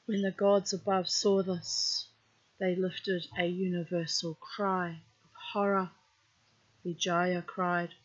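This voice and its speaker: Slow, husky woman reading a myth. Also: lowish voice. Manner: calm, unhurried reading with chatty asides. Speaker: storyteller. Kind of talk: reading a myth aloud with casual asides. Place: outdoors. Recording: dull lo-fi recording.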